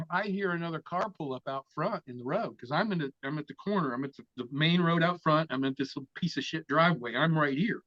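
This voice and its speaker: A man's voice: on the high side, fairly quick, dry recording. A man telling a story as an interview guest, casual and full of swearing. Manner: profane, vivid storyteller. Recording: dull, dry lo-fi sound.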